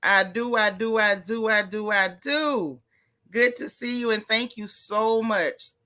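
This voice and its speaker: A woman's voice: mid-range voice, a little slow, bright, forceful tone. A middle-aged woman hosting a casual livestream, chatting and greeting viewers by name with easygoing slang. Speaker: livestream host.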